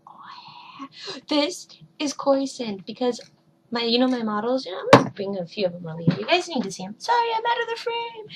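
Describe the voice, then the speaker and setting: A woman's voice: high-pitched, sing-song, brisk, background noise. A woman in her twenties vlogging at home, rambling casually and dropping into whispered asides. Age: 20s. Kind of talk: casual chat.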